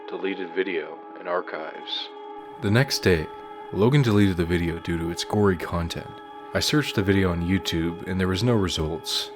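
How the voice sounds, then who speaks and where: A man reading out a fan horror story in a mock-dramatic, deadpan way. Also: sits low. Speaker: narrator.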